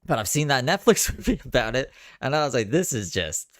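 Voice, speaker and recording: A man's voice: medium pitch, animated, quick pace, no echo, studio quality. A man streaming live and reacting to videos in casual, mocking commentary, swearing freely.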